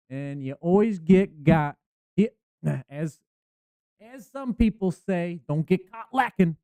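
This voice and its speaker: Podcast host guy, high but mellow voice, halting, keeps restarting, dry close mic. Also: animated, clean tone, no room sound. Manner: halting, restarts, acts out quotes. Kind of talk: casual chat.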